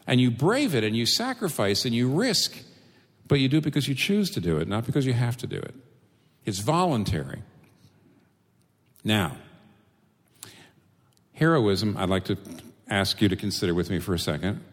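Male preacher, sermon, rhetorical questions, lively pitch, long hall reverb. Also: moderate pace, pauses often. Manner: animated, rhetorical questions, repeats phrases.

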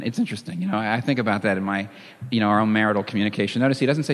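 A man preaching a sermon in a dramatic, animated way, with bursts of emphasis. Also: lowish voice, rapid-fire. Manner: lively, dramatic, reads scripture with emphasis and chuckles. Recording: long hall reverb.

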